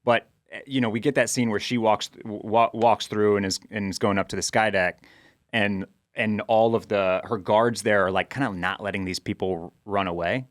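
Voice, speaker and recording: Low male co-host, dry mic, halting and agreeable, many restarts. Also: fairly even intonation, no room sound. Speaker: podcast co-host. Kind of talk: casual recap chat.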